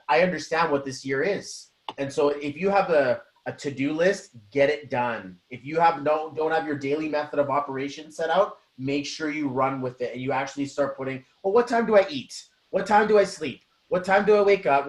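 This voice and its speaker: A man co-hosting a spiritual business talk, speaking with animated motivational energy. His voice sits a little high for a man. The room around him gives a noticeable echo. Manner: energetic, acts out quoted voices. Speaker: co-host. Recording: roomy echo.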